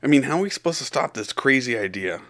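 A man's voice: mid-range voice, expressive, quick pace, fairly bright tone. A man co-hosting a satirical podcast chat, dry and mock-indignant, cursing casually. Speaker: podcast co-host.

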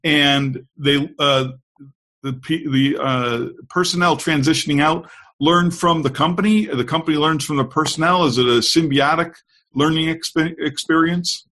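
A man's voice: on the high side, a little slow, bright, forceful tone. A man hosting a show, steering the interview and paraphrasing what his guest says. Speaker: show host. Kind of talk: casual interview talk.

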